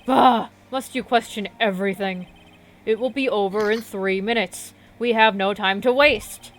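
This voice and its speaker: A woman's voice: medium pitch, a little slow, slight background noise, natural voice. A scornful, imperious older prosecutor, as a woman puts him on for a game playthrough. He barks short, commanding lines and takes his time between them. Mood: haughty. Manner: loud, curt, commanding.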